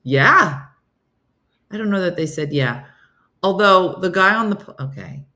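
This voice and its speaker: A woman's voice: on the low side, expressive, moderate pace, sharp tone. A middle-aged woman hosting a comedy morning show, telling stories in a chatty way and reading viewer comments aloud. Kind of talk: casual chat.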